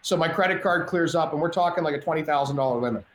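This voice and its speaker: Animated storytelling man in echoey room. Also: a little high, very fast. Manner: animated, profane, restarts often. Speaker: podcast guest. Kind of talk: casual storytelling. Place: at home. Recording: echoey room with faint background noise.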